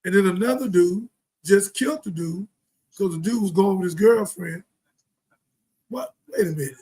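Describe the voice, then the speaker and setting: Talking a bit fast with a breathy edge, a middle-aged man hosting a live talk show launches into a passionate, moralizing monologue heavy with Bible verses and rhetorical questions. He alternates between shouting and muttering, and the recording is rough.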